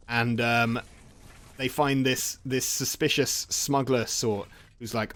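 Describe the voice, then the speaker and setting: A man rambles through a casual plot recap while he plays a game. He jokes, restarts and laughs often. His voice sits at an ordinary middle pitch. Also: fairly even intonation, slow pace, fairly bright tone. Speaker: gaming channel host.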